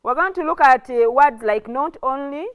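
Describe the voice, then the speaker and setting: A woman teaches a lesson. She explains step by step, restarts her phrases and keeps checking in with her students. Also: sits high. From Uganda. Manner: slow, repetitive explaining, with frequent restarts and "okay?" checks. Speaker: English teacher. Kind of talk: televised classroom lesson.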